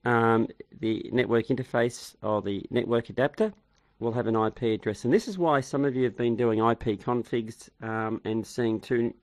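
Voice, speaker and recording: A male instructor talks his class through a live online lesson in a relaxed, friendly way. He is encouraging, trails into ums and restarts as he explains, and sits close to a dry, dead-sounding mic. His voice sits at a middling pitch. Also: moderate pace, no room sound. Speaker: networking course instructor. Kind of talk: casual online lecture.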